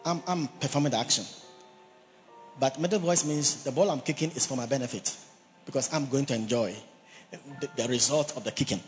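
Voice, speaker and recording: A male pastor preaching with emphasis, leaning on key words and repeating them for his listeners. His voice carries a long hall reverb, with faint music playing softly underneath. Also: mid-range voice, a little fast. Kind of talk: sermon.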